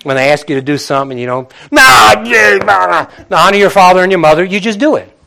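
Middle-aged male pastor, high voice, lively conversational preaching with acted-out asides. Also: racing. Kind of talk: sermon.

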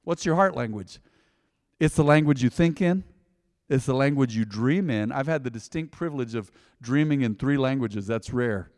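Animated male preacher in a big hall. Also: normal speed, studio quality. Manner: conversational, joking, dynamic swings in pitch and loudness. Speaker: pastor. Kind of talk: sermon.

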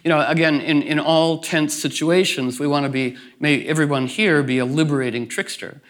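A man's voice: on the high side, fairly even intonation, normal speed, fairly bright tone. A man giving a casual talk to a group, rambling with many restarts and fillers, and laughing through his funny stories. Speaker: speaker at a gathering.

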